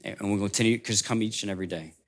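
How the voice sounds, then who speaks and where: A man voicing a kind old male woodmaker who speaks softly and tenderly in a storybook tale. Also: fairly low pitch, fairly even intonation, fast, natural voice. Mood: gentle.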